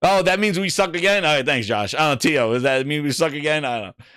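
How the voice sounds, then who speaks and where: A man's voice: a little high, quick pace, a bit bright, clear, resonant tone, dry recording, clean studio sound. A man hosting a gaming livestream, reading viewer comments in casual, profane, hype-driven banter. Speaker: gaming channel host.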